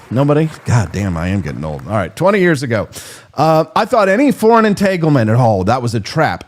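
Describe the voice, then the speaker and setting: A man's voice: medium pitch, a little mellow. A man in his forties giving a sarcastic, comedic political monologue as a commentator. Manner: sarcastic, mocking.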